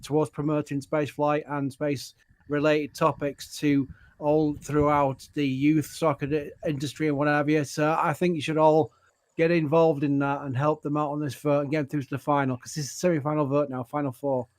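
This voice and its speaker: A man co-hosting a live stream, chatting casually and telling relaxed, enthusiastic stories. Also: on the high side, normal speed. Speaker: livestream co-host. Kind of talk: casual chat.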